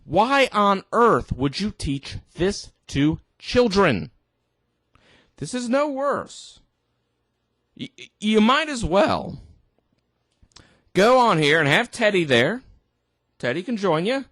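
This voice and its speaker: A tipsy man in an exasperated rant, his voice sitting high and swinging widely in pitch. He talks slowly and stumbles into restarts, recorded close in a dry room. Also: sing-song, a bit bright, dry recording. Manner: indignant, exasperated, halting restarts. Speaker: vlogger. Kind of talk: ranting commentary.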